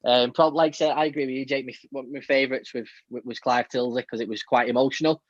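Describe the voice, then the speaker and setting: Male co-host, fast and chatty, dull dry recording. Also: mid-range voice, level tone, no room sound. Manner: fast, chatty, many fillers. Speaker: podcast co-host. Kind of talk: casual chat.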